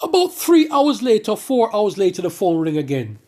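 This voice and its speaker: A man giving a spoken religious testimony to his congregation, telling his story in an animated way with many asides and restarts. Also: high-pitched, normal speed. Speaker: church member giving testimony.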